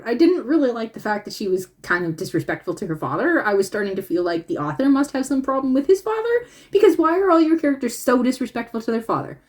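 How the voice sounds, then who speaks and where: A woman talking casually as she reviews a drama series, animated, with frequent laughter and trailing restarts. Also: medium pitch. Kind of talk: casual opinion vlog.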